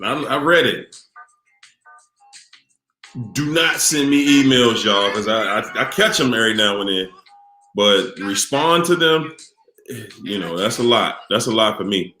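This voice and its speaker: A man's voice: on the low side, animated, measured pace, long pauses, sharp tone. A tired middle-aged man hosting a casual live stream, laid-back as he greets chat viewers by name. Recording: roomy echo with faint music.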